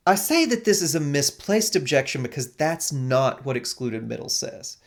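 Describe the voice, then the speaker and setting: A philosophy lecturer gives an animated recorded lecture at a moderate pace, explaining things step by step. His or her medium-pitched voice often checks in with "right?".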